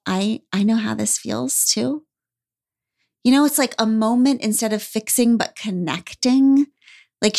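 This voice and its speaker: A woman co-hosting a podcast, talking in a thoughtful, earnest way full of "like"s. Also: medium pitch. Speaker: podcast co-host. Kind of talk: casual chat.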